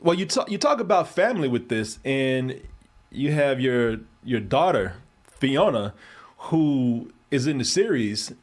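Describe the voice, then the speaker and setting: A man's voice: mid-range voice, sing-song, unhurried. A man hosting a casual interview, chatty and laughing often, with long rambling questions. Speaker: interview host.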